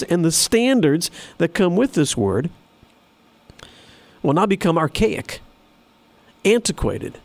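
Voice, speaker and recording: A man's voice: high voice, creaky, darkish tone, dry recording. A man preaching a sermon in an earnest, emphatic way, repeating phrases for stress. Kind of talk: sermon with scripture reading.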